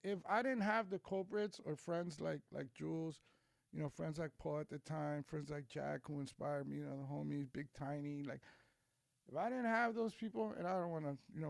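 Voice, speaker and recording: A man's voice: on the high side, creaky, no echo. A middle-aged man chatting as a podcast guest, telling a rambling story full of slang and swearing. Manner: slangy, profane, rambling with frequent "like" and "bro". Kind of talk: casual storytelling chat.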